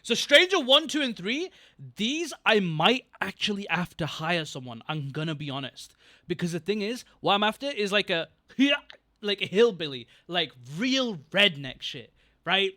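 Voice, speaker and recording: A man's voice: high voice, sing-song, unhurried, bright, forceful tone. A young man chatting casually on a livestream, rambling, getting distracted and thanking viewers from chat. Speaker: streamer.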